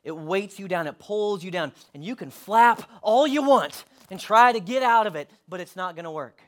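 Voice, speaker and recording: A man preaching a sermon, animated, acting out voices as he reads a children's story to his congregation. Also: sits high, normal speed. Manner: animated, acts out story voices, swings loud to hushed. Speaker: pastor.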